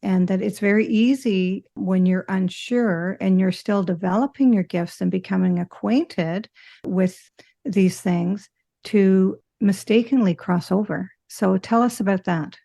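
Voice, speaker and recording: Woman host, slow and reflective, gravelly fry, dark mellow tone. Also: mid-range voice. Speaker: podcast host. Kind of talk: conversational interview.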